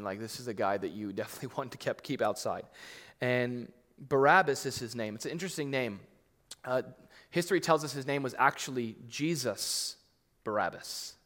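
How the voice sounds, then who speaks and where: A man's voice: mid-range voice, a bit bright. A man preaching a sermon, conversational but emphatic, acting out scripture readings with rising intensity. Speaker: pastor. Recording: long reverb of a large hall.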